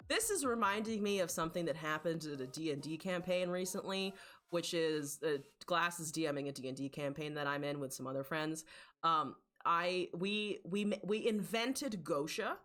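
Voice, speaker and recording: Animated, bright-voiced woman streamer. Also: on the low side. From rural Appalachia, US. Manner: rambling, profane and playful, breaks into laughter. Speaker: live streamer. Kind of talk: casual live-stream chat reading viewers.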